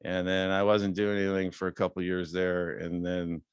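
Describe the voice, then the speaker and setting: A man in his fifties giving a casual talk as a guest speaker, relaxed and rambling with many fillers, lifting his voice when quoting others. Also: low voice, moderate pace, clear, resonant tone, no echo, clean studio sound. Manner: acts out quoted dialogue in a raised voice. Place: club meeting room.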